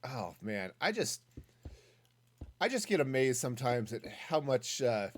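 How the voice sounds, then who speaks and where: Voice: mid-range voice, big pitch swings, a little slow. A streamer casually thinking aloud while building in a game, reading and answering chat as they go. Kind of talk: casual gaming stream commentary.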